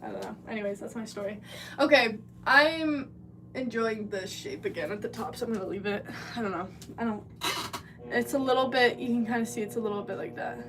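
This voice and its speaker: A young woman rambling casually and laughing as she chats with a live-stream audience from a pottery studio. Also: fairly high pitch. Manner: rambling, chatty, quick to laugh. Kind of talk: casual live-stream chat while working. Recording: distant mic with background noise.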